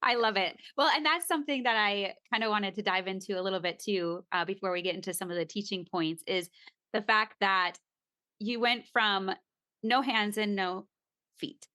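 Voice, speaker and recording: A woman's voice: mid-range voice, normal speed, sharp tone, no echo. A woman hosting a podcast, asking questions in an encouraging, affirming way. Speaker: podcast host. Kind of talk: interview questions.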